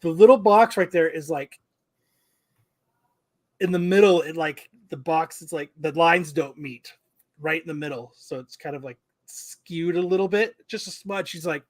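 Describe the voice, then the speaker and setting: A male podcast co-host in casual chat, voice sitting a bit high for a man. He tells stories with a lot of swearing and plays every part himself. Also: moderate pace. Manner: animated, profane, acts out quoted exchanges.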